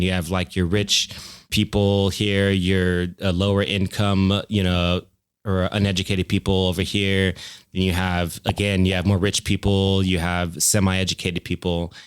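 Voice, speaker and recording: A man's voice: low voice, smooth, dry recording, studio quality. A man, a music producer guest on a podcast, talking casually and rambling with many fillers and restarts. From United States. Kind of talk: casual conversational interview.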